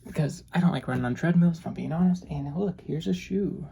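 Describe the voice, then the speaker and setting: A young woman rambling in a low monotone, soft-spoken ASMR style, often restarting her sentences. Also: brisk, creaky, heavy background noise. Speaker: ASMR creator.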